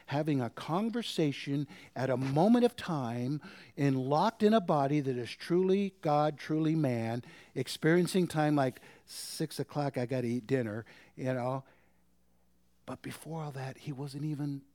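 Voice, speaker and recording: A man preaching a sermon, asking the congregation rhetorical questions and swinging between forceful emphasis and hushed whispers. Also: medium pitch, no room sound. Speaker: pastor.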